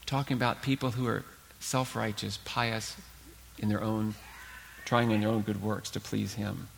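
A man preaching a sermon as pastor, earnest and emphatic, with dramatic pauses. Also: fairly low pitch, level tone, vocal fry, in a large hall, a little hiss or hum.

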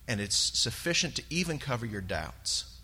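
A man sharing a personal testimony in church, earnest and halting, with many pauses and fillers. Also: mid-range voice, big pitch swings, sharp tone, breathy edge. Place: church sanctuary. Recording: long reverb of a large hall.

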